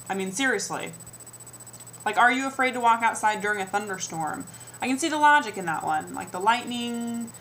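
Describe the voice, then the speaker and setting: A woman's voice: a little high, a bit bright, a little hiss or hum, rough recording. Sarcastic young woman ranting. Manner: sarcastic, mimics people's comments in put-on voices. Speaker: vlogger. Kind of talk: comedic rant to camera.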